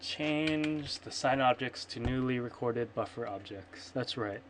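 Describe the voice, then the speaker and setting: A man talks at a measured pace in a medium-pitched voice while streaming his coding work in a casual screencast. He thinks aloud, rambles, self-corrects, and mutters to himself; his computer microphone picks up a noisy background of typing and clicks.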